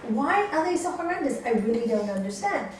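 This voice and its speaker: A woman yoga teacher with a high voice, speaking a little fast, tells her class stories and acts out the people in them with animated delivery. She is recorded from a distance in an echoey teaching room, with a little hiss or hum.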